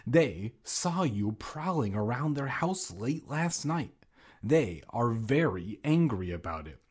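Guy doing a strict aunt from a kids' book, curt and scolding, kinda husky. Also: mid-range voice, big pitch swings, slow, darkish tone, full character voice. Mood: stern. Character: stern worried middle-aged aunt.

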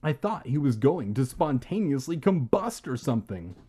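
A dry, mocking young girl, as a man reading a storybook puts her on. Her teasing comes through a husky, mellow voice that moves about a lot. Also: medium pitch, big pitch swings, normal speed.

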